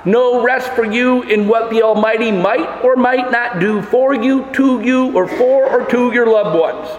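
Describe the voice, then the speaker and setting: A man's voice: extremely high pitch, unhurried, highs cut off. A man pastor preaching a sermon in a church, emphatic, with many rhetorical questions. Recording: echoey hall with long reverb.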